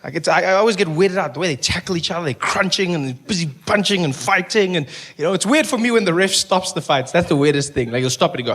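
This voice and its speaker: Animated stand-up comedian. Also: male voice, high voice, quick pace, few pauses. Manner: animated storytelling, stammering restarts, acting out voices.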